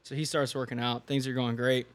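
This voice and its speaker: Young man, podcast guest, fitness coach, casual storytelling, animated, quotes people in voices, mid pitch. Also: brisk. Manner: animated, laughs often, acts out quoted dialogue.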